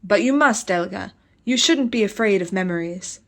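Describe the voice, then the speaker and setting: Woman voicing a calm husband, coaxing his scared wife along, patient tone. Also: medium pitch, normal speed, natural voice. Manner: steady, reassuring, coaxing.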